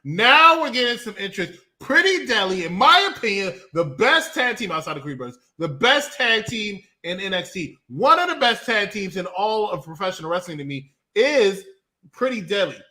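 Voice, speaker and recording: A man's voice: high-pitched, sing-song, normal speed, sharp tone. A man co-hosting a casual wrestling review show, mocking and joking. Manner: mocking, does exaggerated quoted voices. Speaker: podcast co-host.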